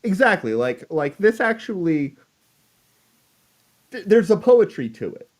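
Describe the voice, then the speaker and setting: A man co-hosting a casual talk show, his voice a little higher than most men's. He explains things step by step, stumbling into restarts as he goes. The tone is conversational and unscripted. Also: sing-song, a little slow. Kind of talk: casual chat.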